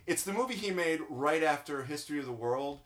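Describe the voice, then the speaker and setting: A chatty male co-host with a bright, forward voice, telling loose, rambling stories and introducing the next segment. His delivery is relaxed and conversational, with easy laughter. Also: on the high side, fairly quick. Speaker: podcast co-host. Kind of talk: casual chat.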